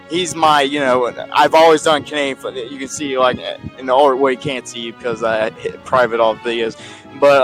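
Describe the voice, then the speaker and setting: A man's voice: mid-range voice, a bit bright, poor audio. A man talking casually about the history of his video channel, rambling with many restarts and asides. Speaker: video creator looking back on his channel.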